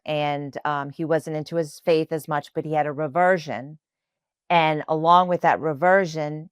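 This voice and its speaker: A woman's voice: deep voice, dry recording, studio quality. A woman from New Orleans whose first language is Spanish, telling an earnest personal faith story as a podcast guest, with many fillers. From New Orleans, USA.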